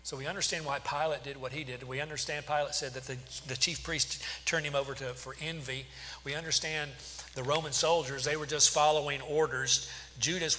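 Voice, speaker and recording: A man's voice: medium pitch, sharp tone. A man preaching a sermon as pastor, firing off rhetorical questions with emphasis. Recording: long hall reverb, faint hum.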